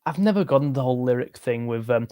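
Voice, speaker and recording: A man's voice: medium pitch, expressive, fast talker, clear, resonant tone, highs cut off. A young man, chatting casually on a livestream, reading viewer comments with a tired voice. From England. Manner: rambling, chatty, self-interrupting. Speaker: music livestream host.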